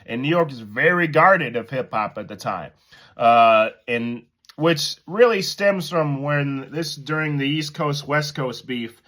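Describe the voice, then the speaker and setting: A man casually commenting and telling a story to his viewers, animated and laughing at himself. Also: mid-range voice, unhurried. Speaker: host commentator.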